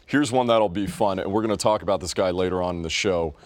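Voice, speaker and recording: A brash young man co-hosting a sports talk show with a lowish voice. He trades profane, mock-insulting banter in a loose, casual way. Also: fast.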